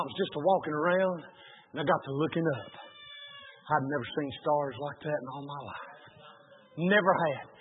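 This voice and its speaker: A man preaching a sermon in a folksy, colloquial storytelling way. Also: high-pitched. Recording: narrow phone-like sound.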